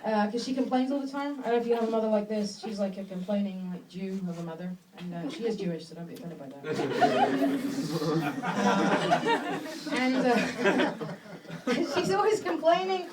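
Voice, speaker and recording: A woman from England performing a stand-up comedy set in a small club, speaking in a dry, halting way with lots of fillers and restarts. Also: medium pitch, animated. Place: small club with a live audience. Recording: distant mic, loud crowd laughter. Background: audience laughing.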